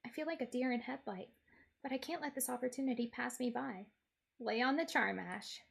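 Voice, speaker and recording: A woman's voice: fairly high pitch, brisk, vocal fry, slightly rough. A woman streamer narrating a game in character, in a wry, playful first-person storytelling manner.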